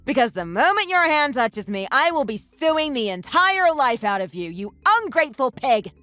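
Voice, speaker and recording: Synthetic voice of a scornful young wife, high and lively. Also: female voice, normal speed, no room sound, faint music behind, exaggerated voice. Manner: mocking, scolding. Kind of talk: text-message story voice-over.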